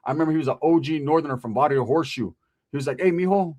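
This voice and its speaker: A man's voice: mid-range voice, rapid-fire, darkish tone, slightly rough. A man telling a profane comic story about his past, acting out the people in it.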